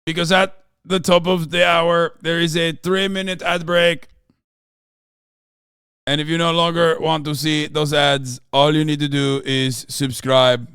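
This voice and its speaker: A man's voice: fairly high pitch, flat delivery, unhurried, fairly bright tone, smooth, dry recording, studio quality. Sarcastic, profane American man streaming. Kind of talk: casual livestream commentary.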